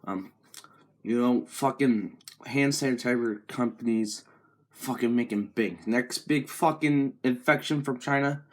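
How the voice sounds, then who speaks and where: A teenage boy in a crude, profane comedic rant to camera, with a mocking deadpan drawl. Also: mid-range voice, a little slow. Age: teens. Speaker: vlogger.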